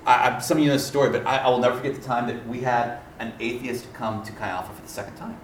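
A man preaching a sermon as a campus ministry pastor, telling stories in an animated way and often laughing. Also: medium pitch, fast, a little hiss or hum. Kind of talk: sermon with storytelling. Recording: echoey room, distant mic.

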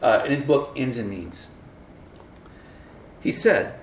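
Animated man preaching in an echoey hall. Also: a little high, a little slow, pauses often. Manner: animated, acts out voices in his stories. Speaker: campus minister giving a talk. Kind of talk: sermon with humorous storytelling. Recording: echoey room, mic at a distance, faint noise.

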